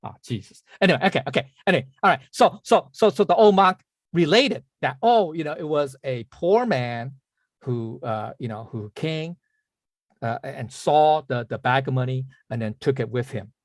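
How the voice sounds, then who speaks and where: A man's voice: mid-range voice, lively intonation, moderate pace, dry recording. A man telling a story in an online class, rambling, with many restarts, repeated words and apologetic asides. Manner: apologetic asides when losing the thread. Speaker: teacher.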